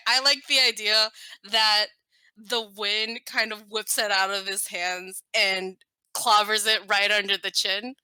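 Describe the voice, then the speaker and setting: A woman's voice: on the high side, pushed and bright, clean tone, dry recording, rough recording. A woman playing a tabletop game, chatty and giggly, often losing track mid-sentence. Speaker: player. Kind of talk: casual tabletop play.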